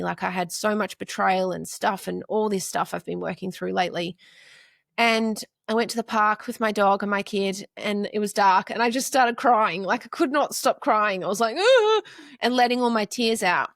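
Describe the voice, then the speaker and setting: A woman's voice: medium pitch, fairly even intonation, moderate pace, gravelly, no room sound, studio quality. A woman in her forties, a podcast guest and counselor, talking earnestly in casual interview chat and stringing her points into long lists of short phrases.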